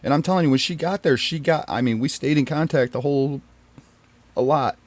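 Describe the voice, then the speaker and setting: A man's voice: on the high side, brisk. A man telling a painful personal story in an earnest, rambling way, restarting and repeating himself as he goes. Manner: earnest and pained, often dropping quiet. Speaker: storyteller recounting his marriage.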